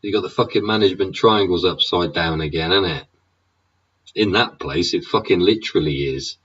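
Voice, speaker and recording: Sneering and swearing, an English vlogger rants about politics, tossing in "yeah?" and "innit?" along the way. He speaks in a low, husky, slightly bright voice at a moderate pace, sounding dull and far from the microphone.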